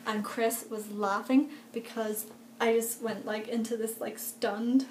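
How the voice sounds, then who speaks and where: Young woman vlogger, excitable and rambling; higher voice, roomy home recording. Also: unhurried. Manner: chatty and gushing, many fillers, laughs often. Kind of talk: excited casual vlog chat. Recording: echoey room with faint background noise.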